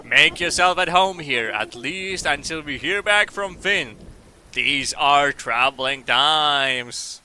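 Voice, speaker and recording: A man's voice: a little high, lively intonation, sharp tone, slight background noise, exaggerated voice. A man playing a grave, formal village preacher. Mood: solemn. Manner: slow, grave, formal delivery. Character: solemn middle-aged male village preacher.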